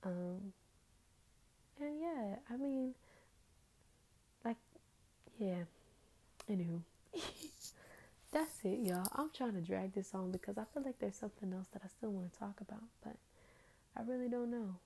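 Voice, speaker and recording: A woman's voice: medium pitch, moderate pace, vocal fry, long pauses, dark tone, slight background noise. A tired woman hosting a casual, rambling faith talk, trailing off into fillers.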